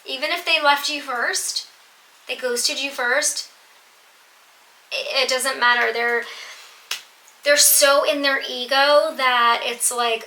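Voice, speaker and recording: A woman's voice: high-pitched, fairly even intonation, slow pace, long pauses, bright, forceful tone. A woman giving a tarot reading to her viewers, earnest and emphatic, repeating phrases for stress. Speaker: tarot reader. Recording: echoey room with faint noise.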